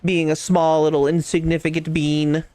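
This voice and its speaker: Male streamer, playful and boastful banter; slightly raised pitch, dry close sound. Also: completely flat delivery, moderate pace, darkish tone, no echo. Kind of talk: casual gaming chat.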